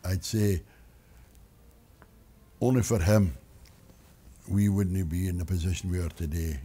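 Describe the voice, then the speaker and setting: Deep, husky older man telling stories. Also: steady tone, measured pace, warm tone. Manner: rambling, restarts sentences, wry. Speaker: interviewee. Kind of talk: storytelling.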